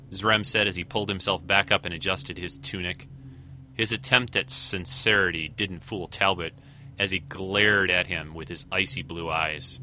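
A man reading a fan science fiction story aloud in steady narration. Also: low voice, moderate pace, soft background music. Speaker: reader.

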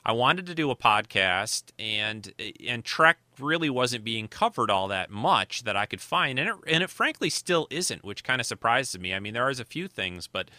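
A man's voice: mid-range voice, very animated, moderate pace, hardly any pauses, sharp tone, dry recording. A man hosting his podcast in casual chat, rambling and often restarting his sentences. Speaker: podcast host.

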